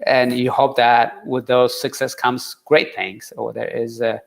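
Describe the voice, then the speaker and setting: A man telling his story in an interview, earnest and halting, with many fillers and restarts. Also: mid-range voice, flat delivery, vocal fry. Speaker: interview guest, marathon runner. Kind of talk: conversational interview.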